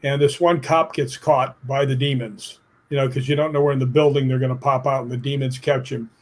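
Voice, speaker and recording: A middle-aged male guest in an interview speaks at a medium pitch and a fairly quick clip. He tells stories emphatically and plainly, swearing casually and acting out what other people said.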